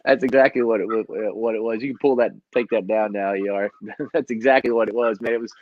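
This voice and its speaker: Man, middle-aged, energetic motivational trainer, laughs often, muffled lo-fi audio. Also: lowish voice, fast talker, no echo. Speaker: trainer co-hosting a live training session. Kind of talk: casual motivational talk.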